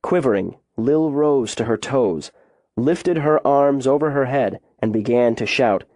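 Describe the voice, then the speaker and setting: Guy reading a suspense audiobook, slow and steady, mid pitch, dry close mic. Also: no echo. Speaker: audiobook narrator. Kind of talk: scripted audiobook narration.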